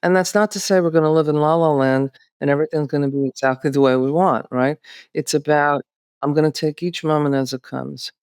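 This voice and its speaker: A woman co-hosting a podcast, explaining things in a calm, reflective, therapeutic way. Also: deep voice, fairly quick, clear, resonant tone, no room sound, clean studio sound. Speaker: podcast co-host.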